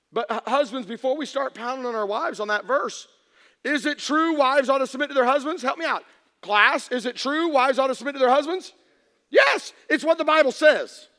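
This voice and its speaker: A man preaches from the pulpit in a very high, bright voice. He is animated, shouting for emphasis and acting out little voices. A long reverb from the church hall trails behind him. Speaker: pastor. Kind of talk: preaching sermon. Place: church sanctuary.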